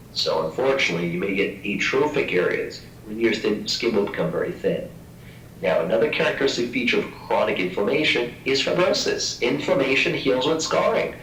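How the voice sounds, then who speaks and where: A man lecturing a class on skin disease in an animated, joking way, acting out quoted voices now and then. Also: fairly low pitch, a little hiss or hum. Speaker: pathology lecturer. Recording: echoey room from far off mic.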